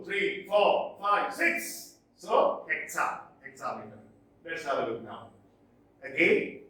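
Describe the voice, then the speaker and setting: A man teaching poetry terms in a recorded video lecture, explaining slowly and repeating key terms, often checking whether it is clear. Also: mid-range voice, a bit bright. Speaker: English teacher. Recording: echoey room, distant mic.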